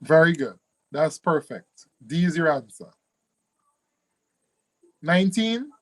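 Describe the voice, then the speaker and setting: A man teaching an online exam review class, animated, repeating key words and laughing easily. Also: a little high, slow pace.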